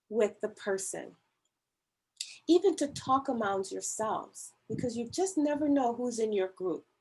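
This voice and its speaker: Slow, husky-voiced woman giving a church talk. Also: a little high, darkish tone, low-quality recording. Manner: slow, earnest, emphatic pleading. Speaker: women's ministry speaker. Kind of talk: church talk on mental health. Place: church service, online meeting.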